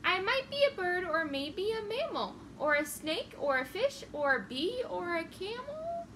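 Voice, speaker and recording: A woman's voice: extremely high pitch, big pitch swings, measured pace, far from the mic, noisy background, exaggerated voice. A woman voicing a confused, fluffy baby elephant in a storybook read-aloud, in a bouncy singsong.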